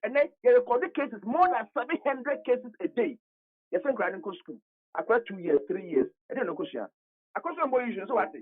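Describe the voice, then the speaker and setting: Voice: medium pitch, animated, fairly quick. A radio commentator with a Ghanaian accent arguing passionately, firing off rhetorical questions and repeating words. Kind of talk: heated radio talk show commentary. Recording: tinny phone line.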